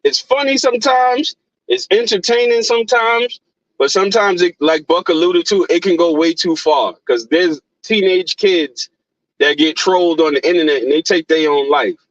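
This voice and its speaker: A man on a call-in line, speaking earnestly and cursing freely, often repeating himself. His voice sits a little high, and the line sounds dull and dry with no room around it. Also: moderate pace, dry recording.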